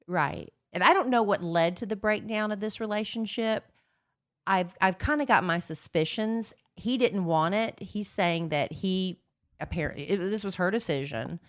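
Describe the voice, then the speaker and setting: A middle-aged woman co-hosting a podcast, rambling and gossipy in casual chat, with lots of fillers. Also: fairly low pitch. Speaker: podcast co-host.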